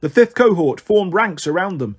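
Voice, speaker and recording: A man reading a novel aloud as an audiobook narrator, measured and expressive. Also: sits high. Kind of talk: storytelling narration.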